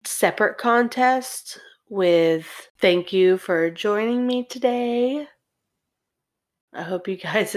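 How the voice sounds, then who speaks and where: A young woman hosting a podcast, chatting casually, blunt and laughing often, swearing freely. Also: mid-range voice. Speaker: podcast host. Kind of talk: casual chat.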